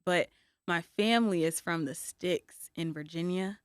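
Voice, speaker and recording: A woman from North Carolina co-hosting a podcast, blunt and teasing with quick laughs. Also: lowish voice, clean tone, dry recording, clean studio sound. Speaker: podcast co-host. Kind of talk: casual chat.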